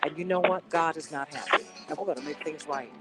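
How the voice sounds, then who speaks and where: A woman's voice: low voice, fast talker, loud music behind the voice, poor audio. A woman hosting a live radio talk show, speaking with an impassioned, preacherly cadence.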